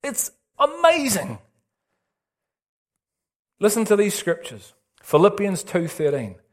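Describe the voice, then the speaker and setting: A male pastor preaching an excitable, animated sermon with big swings in pitch. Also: takes it slowly.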